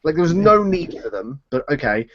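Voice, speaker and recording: A man's voice: a little high, very animated, fairly quick, no echo. A man, co-hosting a casual live chat and ranting sarcastically about wrestling. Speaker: podcast co-host. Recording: dull lo-fi stream audio.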